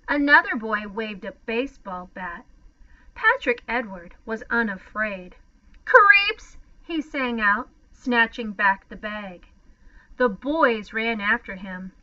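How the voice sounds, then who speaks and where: Slow, bright-voiced woman storyteller. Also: on the high side. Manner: expressive, deliberate storytelling. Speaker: storybook reader. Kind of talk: children's storybook read-aloud. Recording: slightly muffled lo-fi sound.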